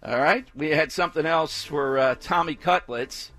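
A man's voice: fairly high pitch, moderate pace, fairly bright tone, soft background music. A man hosting a talk radio show, delivering an emphatic, opinionated monologue full of repetition. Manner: emphatic, repetitive, mocking chants with exaggerated inflection.

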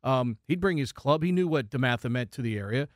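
Male radio co-host, 50s, relaxed and reminiscing, dry close mic. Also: mid-range voice, fast, no echo. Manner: reminiscing, easygoing. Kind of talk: casual sports talk. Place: radio studio.

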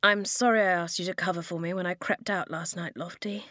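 A woman's voice: lowish voice, steady tone, fairly bright tone, no echo, clean studio sound, lightly acted. A woman voicing an impulsive, rule-breaking boy who sighs and apologizes, then speaks up boldly. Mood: sheepish. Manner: apologetic, quick, sighing.

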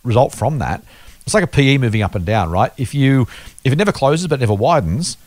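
A man's voice: medium pitch, lively intonation, a little fast, darkish tone, slight background noise. A man co-hosting an investing podcast, explaining points patiently with worked examples in casual chat. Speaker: podcast co-host.

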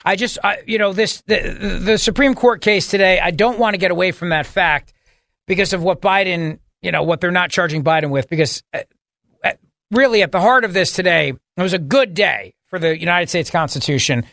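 A man's voice: sits high, fairly quick, gravelly, a bit bright, dry recording. A man hosting a talk radio show in a studio, opinionated and jokey, talking emphatically. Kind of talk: casual talk radio banter and commentary. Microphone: studio microphone.

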